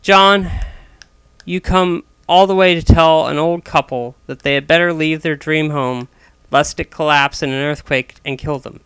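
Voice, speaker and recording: A stubborn, gruff father in his sixties scolds bluntly and swears freely, as a male narrator puts him on. The voice is bright and clean, recorded dry and close for a storybook reading. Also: on the high side, unhurried, no room sound. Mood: scolding.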